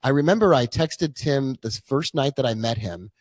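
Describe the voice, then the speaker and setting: A man's voice: mid-range voice, expressive, moderate pace, no echo. Chatty man telling his story, dry sound. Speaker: trading coach. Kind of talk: casual live-stream talk.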